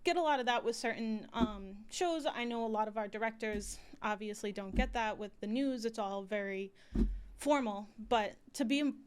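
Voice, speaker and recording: A woman's voice: a little high, moderate pace, slight background noise. Grateful woman producer. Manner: warm, grateful, a little emotional. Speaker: show producer. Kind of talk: casual chat.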